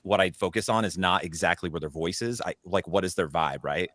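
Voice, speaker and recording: A man's voice: sits low, brisk, fairly bright tone, dry recording. A man, a voice actor, chatting casually on a panel and rambling with many fillers and restarts.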